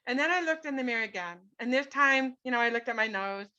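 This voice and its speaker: A woman's voice: on the high side, lively intonation, quick pace, sharp tone. A middle-aged woman, a guest on an interview show, telling a personal story in an earnest, emphatic way and often checking in with "right?". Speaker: guest, author. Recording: dull lo-fi podcast audio.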